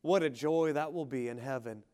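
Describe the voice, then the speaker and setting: A man preaching a sermon with fervor, calling for amens, swinging from rising shouts to quiet, slowed lines. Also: mid-range voice. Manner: fervent preaching, rising shouts and quiet drops, asks congregation for amen. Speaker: pastor.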